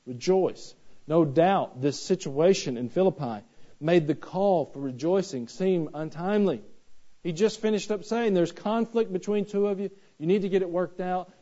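A man's voice: fairly high pitch, dark tone, dull audio. A man, preaching a sermon in a folksy, conversational way with touches of humor, recorded in a church. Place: church sanctuary.

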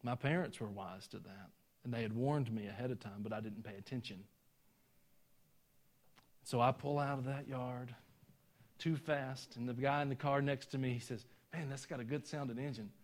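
A man's voice: mid-range voice, normal speed, long pauses. Southern man from Georgia, middle-aged pastor, folksy sermon storytelling, self-deprecating asides. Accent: Southern US (Georgia, some Tennessee). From Georgia, USA. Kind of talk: sermon with personal stories.

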